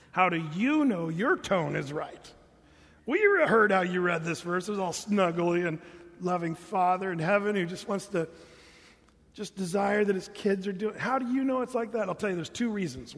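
A man preaching a sermon as pastor, animated and jokey, putting on mock voices to make his points. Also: high voice, breathy edge, in a large hall.

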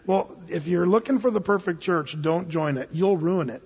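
Husky high-voiced male pastor preaching. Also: normal speed, a little mellow. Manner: conversational, joking preaching with sudden emphatic bursts. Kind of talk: sermon. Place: church sanctuary. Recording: muffled, long reverb in a hall.

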